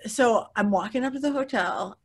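A middle-aged woman, a guest psychic, telling stories in an interview in a lively way, laughing often and acting out the voices of others. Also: fairly high pitch, normal speed. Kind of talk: animated storytelling interview.

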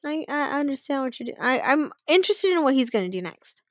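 A woman's voice: sits high, sing-song, brisk, no room sound. A woman co-hosting a podcast in casual chat, swearing freely and laughing as she talks. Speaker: podcast co-host.

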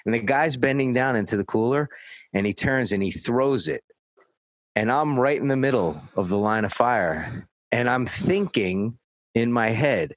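A man's voice: mid-range voice, moderate pace, no echo, rough recording. A man casually telling a story, cursing freely and acting out what others said. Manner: profane, dry, acts out quoted voices. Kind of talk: casual anecdote.

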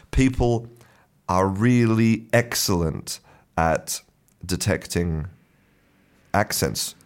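A man teaching English in a relaxed, unscripted way, often restarting his sentences and chuckling. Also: sits low, unhurried. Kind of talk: casual talking-head lesson.

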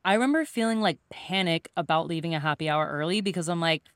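A woman's voice: fairly low pitch, fast talker, clear, resonant tone, dry recording, clean studio sound. A young woman, a podcast host and coach, chatting casually and telling stories, acting out other people's voices as she goes. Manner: animated storytelling, acts out quoted voices. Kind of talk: casual conversational podcast chat.

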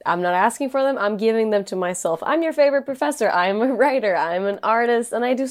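A woman's voice: mid-range voice, fairly quick, no echo. Teasing woman podcast co-host, dry sound. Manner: teasing, confident, laughs often. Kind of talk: casual banter.

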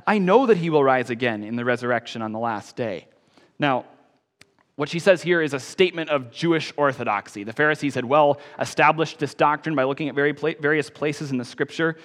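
A man preaching a sermon as pastor, emphatic, rising on key phrases and then dropping soft. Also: fairly high pitch, in a large hall.

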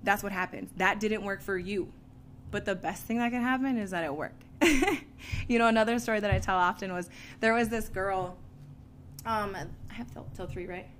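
A woman speaks to an audience in a casual, candid testimony, her pitch sitting in an ordinary middle range. She tells the story in an animated way, with frequent laughs and easy fillers. A faint hum of ambient noise sits beneath her voice. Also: normal speed. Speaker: speaker sharing a recovery story.

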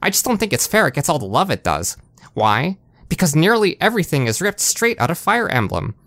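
A man's voice: on the high side, sing-song, a little fast, fairly bright tone, no room sound, clean studio sound, pitched above the performer's own voice. A man voicing a petty young male nerd reviewer with a nasal, whiny, indignant voice.

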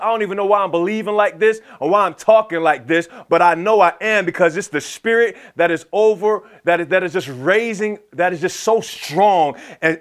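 A man with a high voice preaches to his church. He moves between slow, stretched-out lines and quick asides, acting out back-and-forth conversations with the Lord in an animated way. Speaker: pastor. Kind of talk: sermon.

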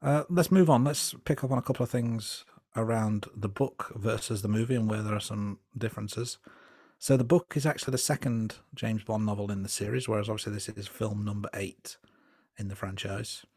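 A man co-hosts a casual film review podcast, his voice a little low and sitting dry and close to the mic. He muses in a thoughtful, unhurried way, stopping often on small fillers. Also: no room sound. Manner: relaxed, thoughtful, hesitant with fillers. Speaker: podcast co-host.

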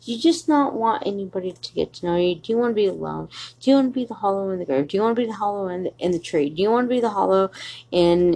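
A woman's voice: medium pitch, darkish tone. A woman podcast host giving a rambling, profane, confrontational solo monologue addressed to someone.

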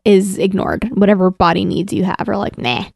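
A woman's voice: mid-range voice, little pitch movement, a little fast, creaky, a little mellow, no room sound, studio quality. A woman co-hosting a casual podcast chat, chatty and skeptical, laughing often. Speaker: podcast co-host.

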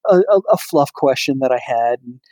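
A man's voice: medium pitch, expressive, normal speed, warm tone, dry recording. Rambling man on a casual podcast. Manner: rambling, many fillers and restarts. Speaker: podcast co-host.

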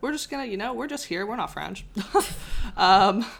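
A woman's voice: mid-range voice, lively intonation, normal speed, vocal fry, fairly bright tone. A young woman in casual conversation, telling a history story with frequent laughs and restarts. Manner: chatty, laughs often, trails off and restarts. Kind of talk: casual chat.

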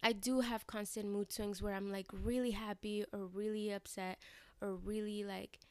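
Young female vlogger, candid confessional ramble, crisp voice, dry close sound. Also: mid-range voice, flat delivery, normal speed, dry recording. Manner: rambling, frank, frequent fillers and restarts; swears casually. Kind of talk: candid personal vlog talk.

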